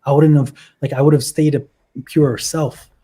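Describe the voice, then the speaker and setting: A man with a somewhat high, husky voice and a warm, mellow tone. He talks earnestly and with feeling over a video call. This is a casual livestream chat. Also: fairly even intonation, normal speed. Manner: earnest, emotional storytelling. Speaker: guest.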